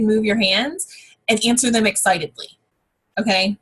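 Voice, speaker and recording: A woman coaching her sales team in a loose, conversational way, peppering her talk with fillers and excited exclamations. Her voice has a husky edge, sitting in an ordinary middle pitch. She speaks from a home office. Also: fairly quick. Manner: chatty, frequent fillers and exclamations. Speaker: network marketing team trainer. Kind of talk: casual training talk.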